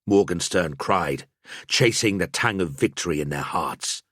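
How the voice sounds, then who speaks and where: A man narrating an audiobook in a measured storytelling manner. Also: sits low, animated, a bit bright, no room sound, clean studio sound.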